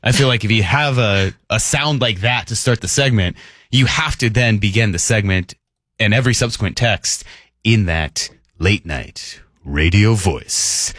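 A man hosting a morning sports radio show, talking quickly and casually and laughing often. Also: on the low side, a bit bright, no room sound, studio quality.

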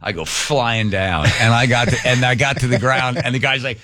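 A man hosting a radio talk show and telling a story in a casual, animated way, acting out other people's lines as he goes. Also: mid-range voice, moderate pace, few pauses.

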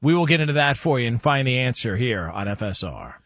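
A man's voice: medium pitch, big pitch swings, fairly quick, fairly bright tone, no room sound, studio quality. A man hosting a sports radio show, giving station ID and promos in an upbeat announcer way.

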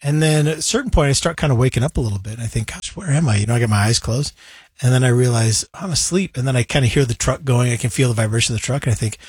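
A man co-hosting a casual chat show, telling stories with animated retelling of his own thoughts. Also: medium pitch, racing, breathy edge, no room sound, studio quality. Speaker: co-host.

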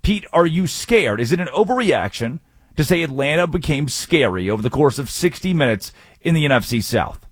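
A man's voice: a little high, sing-song, fairly quick, breathy edge, no echo. A man hosting a sports radio show, energetically rattling off game stats.

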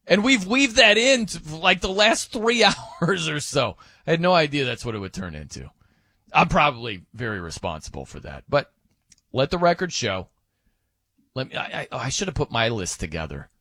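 Animated, joking male radio host. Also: mid-range voice, no echo, studio quality. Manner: joking, rambling with fillers and restarts. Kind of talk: casual sports radio banter.

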